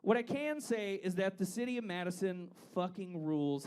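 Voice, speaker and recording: Brash, lively man hosting. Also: high-pitched, moderate pace, clear, resonant tone. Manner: loud, brash, profane joking. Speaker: host. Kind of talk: comedic live show hosting. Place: bar stage before a live audience. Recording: live venue, crowd audible.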